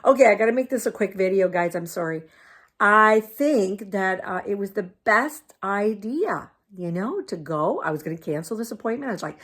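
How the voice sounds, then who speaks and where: A woman's voice: medium pitch, expressive, moderate pace, a bit bright. An older woman chatting casually to her camera, laughing often and cooing at her dogs. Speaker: vlogger.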